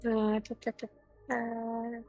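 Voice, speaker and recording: A woman's voice: a little high, completely flat delivery, slow, dark tone, muffled recording, a little hiss or hum. A woman taking her turn as a player in a tabletop game, laid-back and hesitant with filler sounds. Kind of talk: casual tabletop play.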